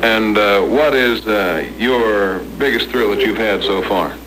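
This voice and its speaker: A male radio host on an old broadcast, firing off brisk questions at a guest. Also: fairly low pitch. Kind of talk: archive radio interview. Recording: noisy old radio recording.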